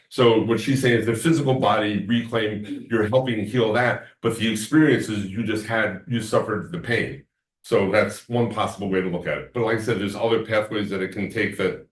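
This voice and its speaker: A man lectures a class in a low voice, rambling from story to story. He is picked up from across an echoey room. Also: fairly even intonation, moderate pace, far from the mic. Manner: rambling storyteller, acts out quoted talk.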